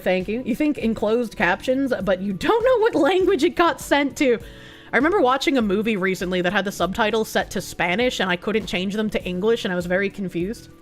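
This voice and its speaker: A woman streamer with a rough throat, reading chat and news aloud with blunt, sarcastic asides and frequent swearing. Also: a little high. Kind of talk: casual livestream chat reading donations.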